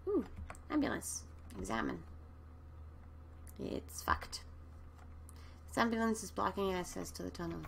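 Woman gamer, lively animated pitch, gravelly edge, jumpy and sweary, faint music behind. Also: a little slow, pauses often, a little hiss or hum. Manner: excitable, jumpy, swears and shrieks at scares; reads game text aloud. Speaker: let's play gamer. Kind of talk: let's play commentary.

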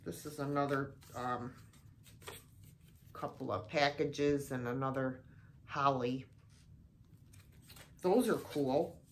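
A woman's voice: extremely low pitch, takes it slowly, long pauses, a little hiss or hum. A middle-aged American woman chatting casually in a vlog, gushing and exclaiming over each thrift find. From United States. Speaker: thrift haul vlogger.

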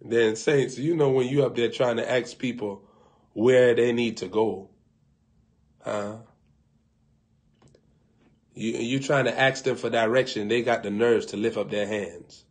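A man preaching on a live broadcast, telling a funny story in a colloquial way. He laughs at his own jokes and swings between loud bursts and hushed asides. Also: medium pitch, steady tone, a little slow, pauses often. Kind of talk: humorous sermon storytelling.

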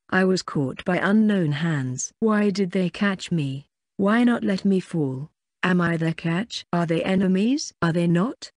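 A woman narrating a first-person fantasy audiobook in an even, plain reading. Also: fairly low pitch, dry recording, studio quality.

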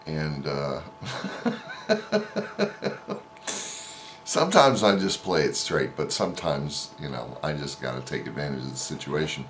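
A man's voice: extremely low pitch, moderate pace, hardly any pauses, fairly bright tone, a little hiss or hum. A man vlogger casually telling an anecdote in a rambling way, with many fillers and restarts. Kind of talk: casual storytelling.

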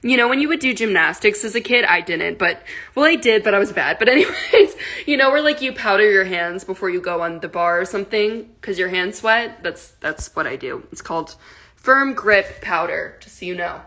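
A woman's voice: mid-range voice, lively intonation, normal speed, pushed and bright. A young woman chatting casually on a phone livestream, giggling and cooing baby talk at her cat. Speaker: livestream host.

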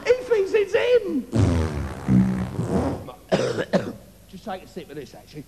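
A man's voice: on the high side, animated, normal speed, vocal fry, background noise. A man playing a vain, preening man who boasts about his looks in a smug, self-satisfied way, live on a comedy club stage. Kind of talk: live stand-up character comedy. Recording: reverberant live venue, faint ambience.

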